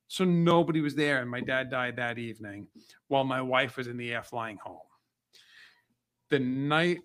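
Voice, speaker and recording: A man who is a podcast guest and motivational speaker, telling personal stories in an energetic, emotional way with frequent restarts. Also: mid-range voice, no room sound, studio quality. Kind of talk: casual chat, personal storytelling.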